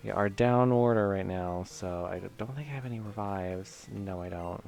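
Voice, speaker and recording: A man's voice: on the low side, normal speed, vocal fry, a little mellow, soft background music. A man from Michigan chatting casually while streaming a video game, rambling and self-mocking with lots of fillers. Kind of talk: casual let's-play commentary.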